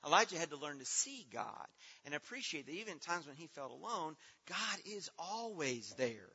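A man's voice: on the high side, very animated, normal speed, sharp tone, slightly rough. A man leading a children's Bible program in a church hall, quizzing the kids and praising their answers. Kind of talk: teaching children in a church assembly. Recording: reverberant hall, dull lo-fi sound.

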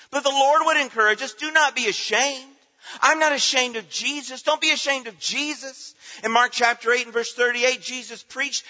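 A man's voice: extremely high pitch, bright, forceful tone. A male preacher giving a sermon, speaking emphatically and leading the congregation in call-and-response repetitions. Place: church auditorium. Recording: dull, lo-fi recording with long hall reverb.

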